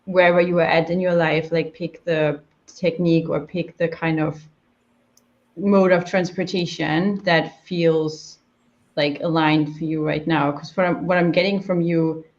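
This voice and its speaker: Low-voiced woman asking rambling questions. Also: highs cut off. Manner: thoughtful, rambling, many fillers. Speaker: podcast host. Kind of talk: casual interview question.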